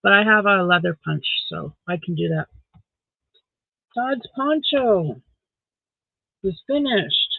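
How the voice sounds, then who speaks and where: A man's voice: high voice, expressive, slow, vocal fry, long pauses, breathy edge, no room sound. A man from Saskatchewan, Canada, hosts a casual late-night live stream from home, reading viewer comments aloud, answering them, and talking to his dog. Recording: dry, phone-like sound.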